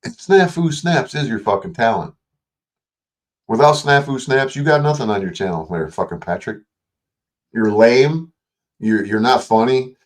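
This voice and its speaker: A man's voice: mid-range voice, a little slow, pauses often. A man hosting a late-night livestream, ranting in a combative, mocking and profane way at another online creator. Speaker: livestream host.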